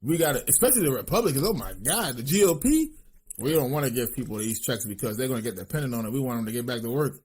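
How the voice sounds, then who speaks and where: Guy cohosting a podcast, cussing a lot, riled up rants, middle pitch. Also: racing, slightly rough. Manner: animated, profane, riffing with mock voices. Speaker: podcast co-host. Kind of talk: casual podcast chat.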